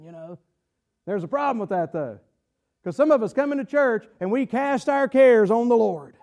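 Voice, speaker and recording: A man's voice: extremely high pitch, lively intonation, normal speed, creaky, darkish tone. A man preaching a sermon in church, drawling, stretching words, asking the congregation questions. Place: church sanctuary.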